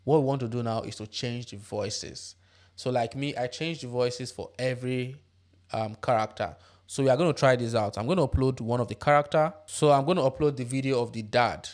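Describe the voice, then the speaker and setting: A man hosting a tutorial, explaining software steps one by one and checking in with tag questions. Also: mid-range voice, fairly quick. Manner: step-by-step instructive, tag questions. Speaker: tutorial host. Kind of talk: screen-recorded software tutorial.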